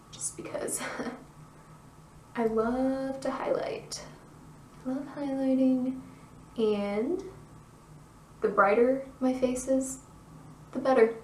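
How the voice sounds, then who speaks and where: A young woman talking through a makeup tutorial in a chatty, bubbly way, her voice a little hoarse. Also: fairly high pitch, reverberant, distant mic, slight background noise, low-quality recording. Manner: chatty, bubbly, self-deprecating asides. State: losing her voice, slightly hoarse. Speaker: beauty vlogger.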